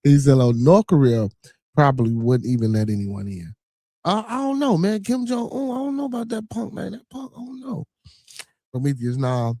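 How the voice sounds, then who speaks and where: Profane Chicago livestream host, gravelly. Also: male voice, fairly high pitch, big pitch swings, moderate pace, warm tone, dry recording, studio quality. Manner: loose, profane, joking banter with frequent filler. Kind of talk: casual livestream chat reading out chat comments.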